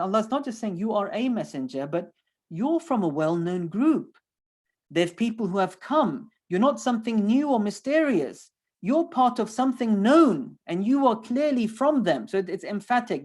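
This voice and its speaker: A man's voice: high voice, a little mellow. A man teaching a lecture on scripture, speaking emphatically and building points through repetition. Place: online lecture.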